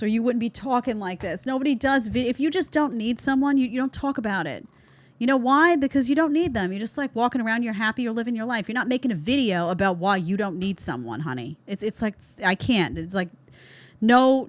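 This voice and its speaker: A woman's voice: medium pitch, no room sound. Woman, podcast host, blunt, sarcastic, middle-aged, dry close recording. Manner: blunt, emphatic, sarcastic asides. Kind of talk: reaction commentary.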